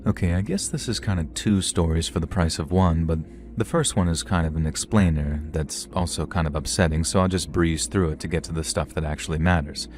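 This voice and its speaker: A man reading horror stories aloud in a steady, even storytelling manner. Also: deep voice, brisk, few pauses, a little hiss or hum. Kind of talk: scripted horror story narration.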